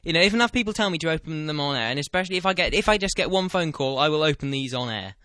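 A man's voice: fairly high pitch, animated, racing, sharp tone, no room sound. A teenage man hosting his own comedy radio show from a small home studio, rambling through jokes and poking fun at himself. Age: late teens. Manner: jokey, rambling and self-mocking. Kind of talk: comedic casual radio chat. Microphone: webcam and studio mic.

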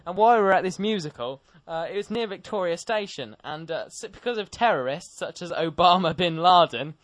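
A man's voice: sits high, expressive, a little fast, fairly bright tone, no echo. A teenage boy co-hosting a casual comedic chat show, jokey and playful. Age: teens. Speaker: co-host.

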